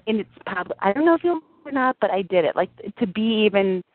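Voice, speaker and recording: A woman's voice: mid-range voice, animated, fast talker, no echo. A woman guest in a casual interview, rambling with lots of "like" fillers. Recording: tinny dry phone-line audio.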